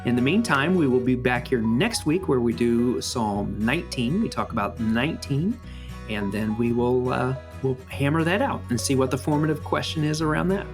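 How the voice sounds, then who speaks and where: A man co-hosting a podcast who tells stories in a casual, animated way, with frequent fillers and restarts. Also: medium pitch, normal speed, music in the background. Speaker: podcast co-host. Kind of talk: casual chat and storytelling.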